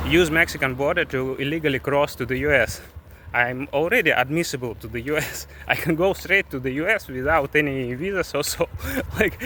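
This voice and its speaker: Bright-voiced man vlogging on a busy street. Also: mid-range voice. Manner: candid, complaining, with halting restarts. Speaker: travel vlogger. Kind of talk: casual vlog monologue. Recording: faint street traffic noise.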